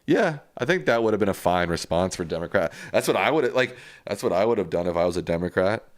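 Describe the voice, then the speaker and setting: A man's voice: deep voice, expressive, fast talker, no room sound, clean studio sound. A man hosting a live stream, reading viewer comments aloud and answering them in a casual, plainspoken way.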